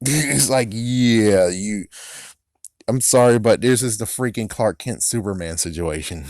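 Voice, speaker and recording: A man casually recapping and critiquing a TV episode, rambling with profane asides and quick laughs. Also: lowish voice, a little mellow, dry recording, studio quality. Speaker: episode reviewer.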